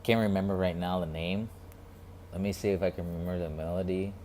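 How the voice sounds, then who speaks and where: A man vlogging a casual reflective monologue, talking quietly and rambling with many restarts and repeated words. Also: sits low, fairly even intonation, a little fast, a little hiss or hum.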